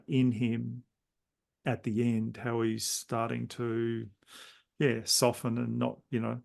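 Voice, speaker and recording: Male host, gravelly voice, meandering reflective chat, conversational interview tone. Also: mid-range voice. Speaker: podcast host.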